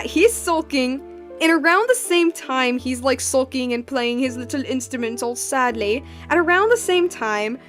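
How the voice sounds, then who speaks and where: A woman's voice: high-pitched, fairly bright tone. Giggly young woman rambling over faint music. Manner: rambling, giggly, lots of fillers. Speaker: streamer drawing and chatting. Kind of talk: casual storytelling while drawing.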